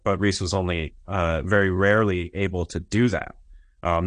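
A man giving an academic history lecture in an explanatory way, often pausing on "uh" and checking in with "right?". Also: sits low, no room sound. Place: lecture recording.

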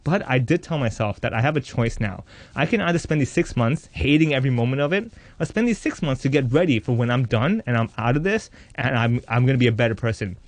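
Fast-talking man telling a joking life story. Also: mid-range voice, dry recording. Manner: animated, joking, acts out voices in quotes. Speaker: interviewee. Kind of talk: candid personal storytelling.

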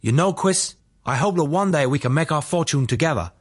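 A man's voice: a little high, expressive, a little fast, breathy edge. A man voicing his hopeful male business partner in an audiobook memoir, in an earnest, slightly raised voice. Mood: wistful.

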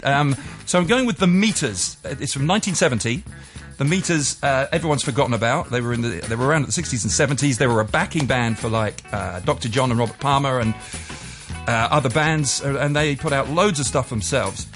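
A man's voice: mid-range voice, fairly bright tone. A male radio DJ chatting about his music picks in a jokey, rambling way.

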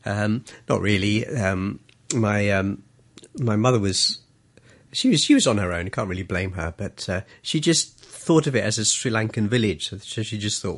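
A man's voice: on the low side, lively intonation, moderate pace. A middle-aged man, a journalist and author, telling self-deprecating, humorous stories in a casual interview. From grew up in Malaysia and London. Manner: humorous, self-deprecating anecdotes with frequent laughs.

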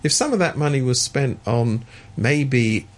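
A man's voice: medium pitch, animated, a little slow. A man living in Hong Kong giving opinionated political commentary in a sardonic, emphatic way, with many restarts. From Hong Kong resident. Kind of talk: opinionated discussion.

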